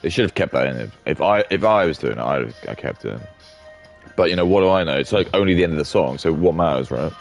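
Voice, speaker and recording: A deep-voiced man rants through a casual live stream, swearing freely and rambling from point to point. His voice has a gravelly edge, and his pitch swings widely as he talks. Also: lively intonation, quick pace, faint music behind. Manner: rambling, profane, heated ranting.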